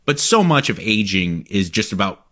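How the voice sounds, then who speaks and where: A man in his forties, co-hosting a casual chat and talking in an animated, joking way with a little swearing. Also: on the low side, normal speed. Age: 40s. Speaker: co-host.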